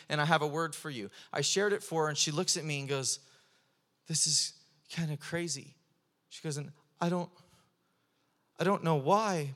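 Young male preacher, fervent sermon delivery, pitched a bit high, animated storytelling. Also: in a large hall.

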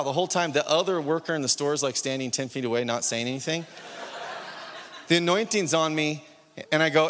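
A man's voice: fairly high pitch, animated, fairly quick, fairly bright tone, in a large hall, slight background noise. A man preaching a sermon as pastor, telling a story with acted-out dialogue and building to urgent exhortation.

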